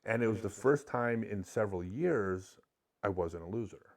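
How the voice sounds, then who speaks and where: A man's voice: lowish voice, expressive, normal speed. A middle-aged man, a podcast guest, candidly telling an emotional personal story with many restarts.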